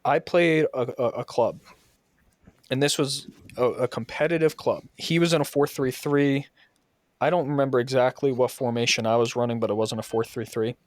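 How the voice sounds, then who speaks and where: A man talks in a casual podcast chat, swearing freely and getting worked up as he tells a story. His voice sits at an ordinary pitch and is recorded close and dry, with no room sound. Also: moderate pace, no echo. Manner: profane, heated storytelling. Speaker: podcast host and soccer coach.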